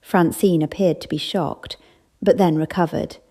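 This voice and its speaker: A woman narrating a cozy mystery audiobook with an even, measured reading. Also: on the low side. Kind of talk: scripted narration.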